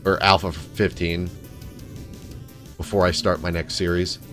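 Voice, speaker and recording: A man's voice: low voice, flat delivery, unhurried, a bit bright, faint music behind. A man casually commenting on a game and reading its text aloud, profane and self-mocking. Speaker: let's play host.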